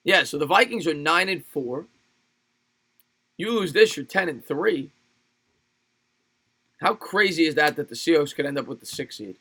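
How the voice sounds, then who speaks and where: A man with a slightly high voice and lively intonation calls a football game casually on a livestream, laughing often and chatting with viewers between plays. He talks at a moderate pace with long pauses, and his delivery is pushed and bright. As host, he mixes play-by-play commentary with replies to the live chat.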